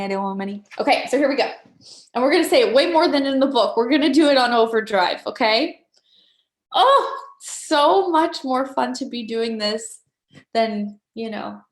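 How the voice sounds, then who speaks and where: Upbeat woman coaching in an echoey room. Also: fairly high pitch. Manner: playful, upbeat, coaxing the audience. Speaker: workshop facilitator. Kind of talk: live online motivational workshop.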